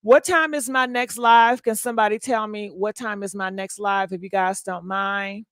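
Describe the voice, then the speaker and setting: A woman's voice: mid-range voice, fairly even intonation, normal speed, fairly bright tone, no echo. A woman hosting a casual gossip livestream, chatting and thanking viewers for donations. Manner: chatty, reads donations and comments aloud.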